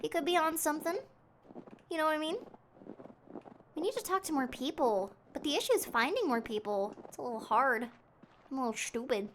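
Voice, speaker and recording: A woman streaming a mystery game, chatting excitably and thinking out loud as she investigates. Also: high-pitched, brisk, long pauses, slight background noise. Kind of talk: live game commentary.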